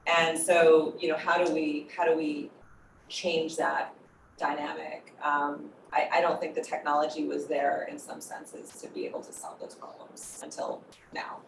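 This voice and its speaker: A woman speaking as a panelist in a panel discussion, thoughtful and pausing often with fillers. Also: low voice, flat delivery, vocal fry. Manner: thoughtful, searching for words with many fillers. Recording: echoey distant noisy audio.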